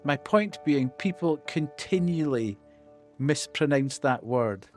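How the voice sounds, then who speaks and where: Scottish man, gaming streamer, very slow, pedantic, casual commentary, faint music. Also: a little high, animated. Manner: pedantic and slow, spells words out.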